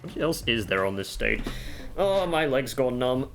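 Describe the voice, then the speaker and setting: With a mid-range voice, vocal fry and a slightly slow pace, this gaming creator sounds very animated over faint background music. Recording at home on a desk mic, he casually talks through gameplay tips and jokes at his own expense.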